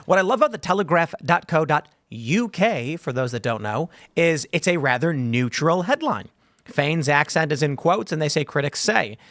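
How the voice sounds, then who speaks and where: A male podcast host reading news headlines out loud and breaking off to react in disbelief. His voice sits a little high for a man, recorded close and dry with no room sound. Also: animated, normal speed, no room sound. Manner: reads headlines aloud with incredulous asides. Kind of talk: casual podcast talk.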